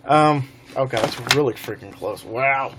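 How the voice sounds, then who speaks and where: A man's voice: medium pitch, a little slow, sharp tone, a little hiss or hum. A young man telling a rambling, laughing story on a casual live stream.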